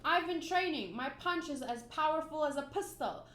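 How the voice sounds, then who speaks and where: A woman's voice: high voice, expressive, normal speed, fairly bright tone, a little hiss or hum. A woman voicing an eager young boy who wants to be a pirate, reading his lines earnestly and insistently. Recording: roomy room echo.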